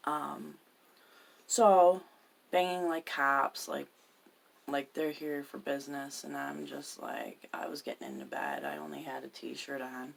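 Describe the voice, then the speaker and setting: A woman's voice: low-pitched, measured pace, creaky, long pauses, slight background noise. A woman telling a personal story in an agitated, profane way, often dropping her voice to a whisper. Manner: agitated, swears constantly, drops into whispers.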